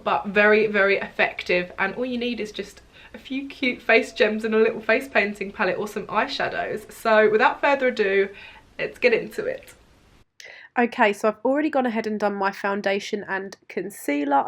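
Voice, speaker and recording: Chatty woman narrating a makeup tutorial. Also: mid-range voice. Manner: chatty and upbeat, with fillers and asides. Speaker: beauty vlogger.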